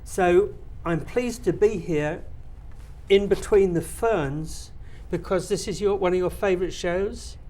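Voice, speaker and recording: Halting male talk show host. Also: high-pitched, dark tone. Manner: halting, hesitant. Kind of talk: casual interview.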